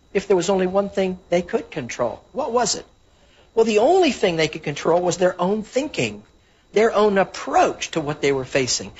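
A man's voice: sits high, slightly rough. A man preaching a sermon, earnestly teaching from the Bible and citing chapter and verse. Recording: dull lo-fi recording.

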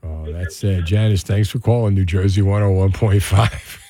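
Mellow, dry-voiced male radio host. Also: sits low, steady tone, normal speed, hardly any pauses, dry recording. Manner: chatty and reflective, drifting into musings. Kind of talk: casual call-in radio talk. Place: radio studio. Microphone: studio microphone.

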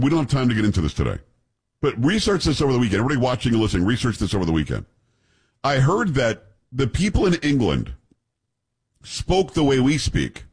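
A man's voice: mid-range voice, breathy edge. A man hosting a radio talk show, chatting casually and animatedly, laughing easily.

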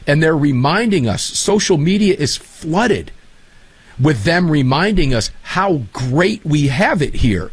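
A man hosting a casual talk show, telling animated, enthusiastic stories. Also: a little high, normal speed, slightly rough, no room sound. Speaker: show host.

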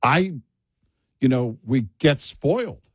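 A man's voice: mid-range voice, lively intonation, slow, husky, no echo. An American man co-hosting a casual chat, telling rambling stories full of restarts and asides. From United States.

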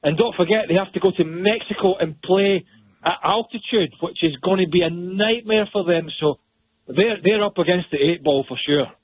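A man talks through a soccer match with plain, opinionated bluntness. His voice is husky and a little high. The sound is dry, with no room around it. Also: moderate pace, dry recording, poor audio. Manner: blunt, opinionated, repeats words. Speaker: soccer analyst. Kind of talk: phone-in radio analysis.

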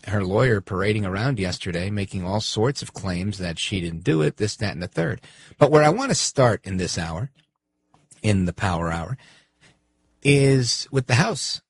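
A man hosting a talk radio show in an opinionated monologue, animated and sarcastic, with frequent asides. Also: lowish voice, vocal fry, breathy edge.

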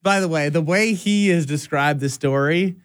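High-pitched man ribbing skeptically. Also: moderate pace, no room sound. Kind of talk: casual teasing chat.

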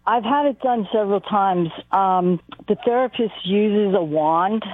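A woman's voice: mid-range voice, unhurried, dry recording. A woman caller asks her question hesitantly, stumbling as she searches for words. Her voice comes through a tinny, dry phone line.

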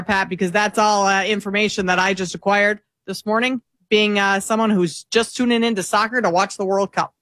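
A woman's voice: mid-range voice, fairly bright tone, no echo. A woman co-hosting a talk show, chatting casually with frequent ums and a self-deprecating manner. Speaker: co-host.

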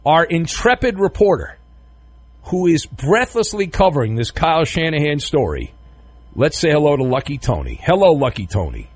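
A man's voice: fairly high pitch, big pitch swings, moderate pace, husky. Joking male sports radio host. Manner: loose, joking, rambling with fillers. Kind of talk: casual radio talk.

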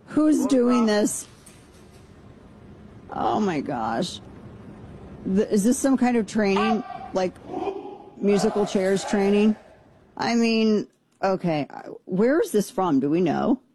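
A man's voice: high-pitched, lively intonation, slow, long pauses, crowd noise. A man hosting a talk radio show, reacting to a video with incredulous jokes and rambling restarts. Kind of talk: casual talk radio commentary.

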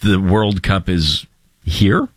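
Radio co-host, man, very low voice, blunt, emphatic, dry mic. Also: takes it slowly, breathy edge, no echo. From New Bedford area. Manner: blunt, emphatic, filler-heavy. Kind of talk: casual talk radio chat.

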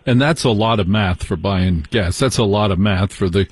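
Husky, chatty late-night radio host man. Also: on the low side, moderate pace, dry recording, clean studio sound. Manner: chatty, joking, asides and laughs. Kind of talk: casual call-in radio chat. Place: radio studio. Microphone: studio mic.

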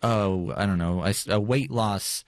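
Rambling low-voiced man, dry sound. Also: a little slow, no room sound. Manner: rambling, many fillers and restarts. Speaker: podcast co-host. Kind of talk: casual chat.

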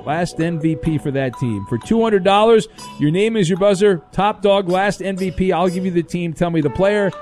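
A man's voice: high-pitched, moderate pace, a little mellow, soft background music. A man hosting a sports radio show and running a quiz game, teasing the players as he goes. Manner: playful, teasing quizmaster. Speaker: radio host.

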